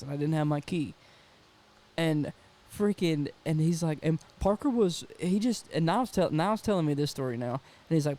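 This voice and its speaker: A young man with a fairly high yet mellow voice spins a casual story for a podcast. He is animated and slangy, says "dude" a lot, and jumps into the voices of the people in his tale. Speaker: podcast co-host.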